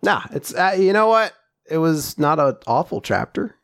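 Casting: male podcast co-host, animated and sarcastic, dry close sound, slightly high voice. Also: no echo. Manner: joking, sarcastic, acts out characters in quick voices. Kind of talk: casual chat recapping manga chapters.

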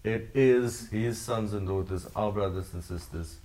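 A man's voice: on the low side, a little slow, dark tone. A man preaching a sermon to his congregation, earnest and repetitive in cadence. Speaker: pastor.

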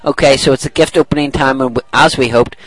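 A middle-aged man at a mid-pitched, ordinary register hosts a casual podcast. He rambles, laughs easily and trips over his words before correcting himself. He reads a listener's letter aloud in a chatty, unpolished way. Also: fairly even intonation, fast talker, no echo, low-quality recording. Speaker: podcast host. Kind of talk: casual chat, reading a listener email aloud.

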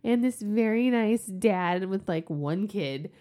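A woman who is a hockey mom, chatting on a podcast and telling lively, exasperated stories with frequent laughter. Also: medium pitch, slow pace. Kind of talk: casual chat, animated storytelling.

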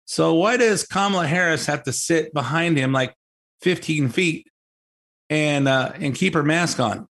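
A man hosting his own talk show, sarcastic and mocking as he rambles through an opinionated commentary. His voice sits somewhat high for a man, and he often stops to restart his sentences. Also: measured pace, a bit bright.

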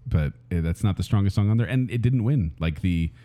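A man's voice: on the low side, animated, a little fast, warm tone. A man in his thirties, a father, chatting casually as a podcast co-host and playfully breaking into bits of song. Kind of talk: casual chat.

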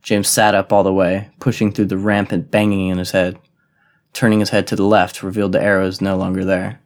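A man narrating an audiobook in a measured, even reading. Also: low voice.

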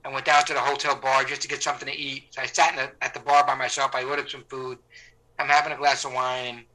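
A man's voice: medium pitch, fast, low-quality recording. A middle-aged man, an actor, telling stories casually in a rambling way, with many restarts and fillers, and acting out the people he quotes. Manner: animated, acts out the people he quotes. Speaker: actor, interview guest. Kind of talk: casual anecdotal storytelling.

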